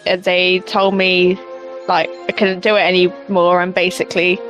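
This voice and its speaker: A woman playing a tabletop game, telling her character's backstory with hesitant pauses and fillers. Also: on the low side, monotone, fairly bright tone, faint music behind. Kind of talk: in-character storytelling.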